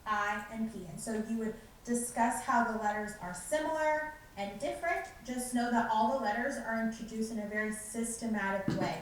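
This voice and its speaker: A woman's voice: a little high, moderate pace, hardly any pauses. Woman presenting in an echoey library. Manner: modeling lines in a bright teacher voice. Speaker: curriculum presenter. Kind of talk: teacher training presentation. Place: school library. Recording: echoey room, distant mic, faint noise.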